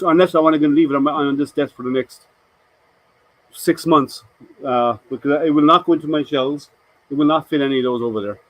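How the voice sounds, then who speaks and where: Man, live stream host, casual and rambling, a bit high, dry close sound. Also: no room sound, rough recording. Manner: chatty, rambling, answers chat and hesitates.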